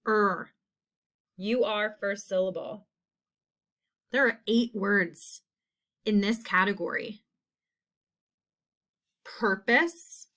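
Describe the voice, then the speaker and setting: Slow, deliberate woman teacher. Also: on the high side, fairly bright tone. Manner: spells sounds out and repeats each word in a model sentence. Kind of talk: slow, deliberate phonics lesson.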